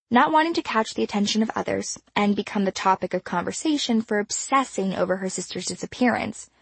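A woman reads a novel aloud in a measured, expressive way. Her voice has a gravelly edge and some huskiness. The recording is dry and close. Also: medium pitch, no echo. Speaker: narrator. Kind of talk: audiobook narration.

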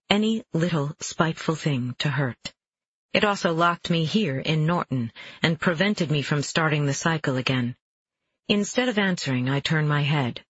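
Brief: male audiobook narrator, somewhat high, husky, measured first-person reading, dull lo-fi sound. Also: a bit bright. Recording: dull lo-fi dry recording.

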